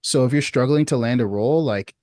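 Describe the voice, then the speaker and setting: A man's voice: medium pitch, brisk, no room sound. Casual man coaching on a call. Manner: relaxed, uses many fillers like "you know what I mean". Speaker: sales coach. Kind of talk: casual advice on a support call. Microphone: video call.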